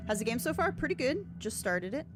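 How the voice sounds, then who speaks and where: A woman's voice: high-pitched, sing-song, fairly quick. A woman streaming a game playthrough, chatting casually, thinking aloud and reading on-screen text. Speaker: gameplay streamer. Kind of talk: casual let's-play commentary.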